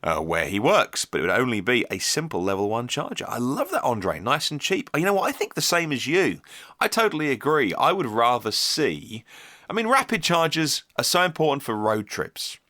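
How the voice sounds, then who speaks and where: A man's voice: mid-range voice, sing-song, normal speed, sharp tone, dry recording, studio quality. Chatty man hosting a podcast. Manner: chatty and enthusiastic, thinks aloud with restarts. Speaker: podcast host. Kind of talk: casual solo podcast, reading listener emails.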